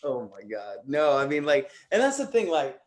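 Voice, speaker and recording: A man's voice: fairly high pitch, huge pitch swings, moderate pace. A young man hosting a casual radio chat, earnest, filling his talk with "like" and "bro". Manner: earnest, says "like" and "bro" a lot. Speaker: radio show host.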